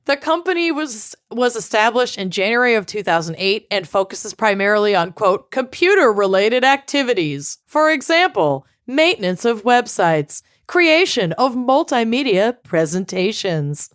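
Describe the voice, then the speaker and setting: Giggly woman with a high voice. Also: sing-song, normal speed, few pauses, smooth, no room sound, clean studio sound. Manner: giggly, breaks into laughter often. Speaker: podcast co-host. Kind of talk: casual chat, telling a true crime story.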